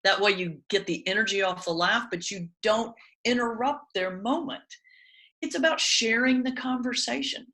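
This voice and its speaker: A woman, a pastor and stand-up comedian, teaching in a conversational webinar talk with animated storytelling and comic timing. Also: a little high, moderate pace, rough recording. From Southern United States.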